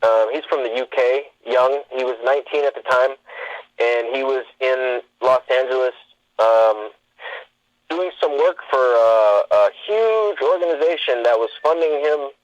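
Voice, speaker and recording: A man's voice: mid-range voice, a little slow, dry recording, lo-fi sound. A man, a guest on a talk show, telling stories in a rambling way with many fillers and restarts. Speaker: podcast guest. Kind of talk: casual interview storytelling.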